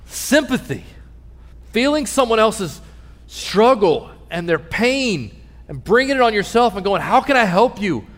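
Guy pastor preaching, earnest storyteller, goes quiet n low in the sad bits, big echoey church hall. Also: big pitch swings, a little slow. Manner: earnest storytelling, drops soft and low in emotional moments. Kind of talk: sermon. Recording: long reverb of a large hall.

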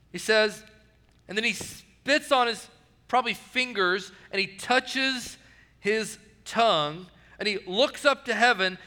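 A male pastor preaching a sermon, earnest, repeating key phrases and dropping soft and low on quoted words. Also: big-room sound.

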